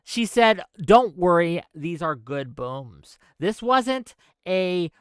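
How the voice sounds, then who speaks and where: A man's voice: high-pitched, expressive, slow pace, clear, resonant tone, dry recording. A man hosting a political commentary stream, ranting heatedly with profanity and reading an essay aloud. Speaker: stream host.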